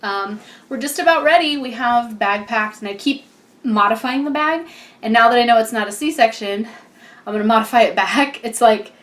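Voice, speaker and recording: A woman's voice: on the high side, normal speed. Young pregnant woman vlogging casually, chatty and rambling with frequent laughter. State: heavily pregnant. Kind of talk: casual pregnancy update vlog.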